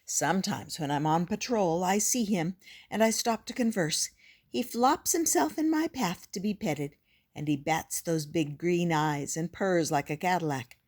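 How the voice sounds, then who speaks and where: An easygoing police officer talks slowly and jokes lightly, read by a woman from a storybook. The delivery is relaxed and unhurried, with a teasing lilt. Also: on the low side. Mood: amused. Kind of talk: storybook reading.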